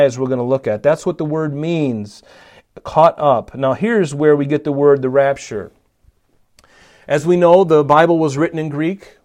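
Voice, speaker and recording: A man delivering a sermon from scripture, earnest and emphatic, leaning harder into the key lines. His voice sits a little on the high side for a man. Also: a little mellow. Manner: earnest, emphatic Bible teaching with rising stress on key lines. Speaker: preacher.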